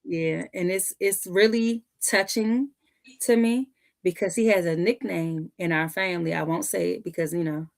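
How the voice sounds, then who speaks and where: Animated woman telling a family story. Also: fairly low pitch, moderate pace, vocal fry. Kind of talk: casual storytelling.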